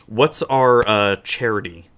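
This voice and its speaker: Low-voiced man co-hosting a podcast. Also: slow. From Florida, US. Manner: relaxed, joking, rambling. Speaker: podcast co-host. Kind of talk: casual chat.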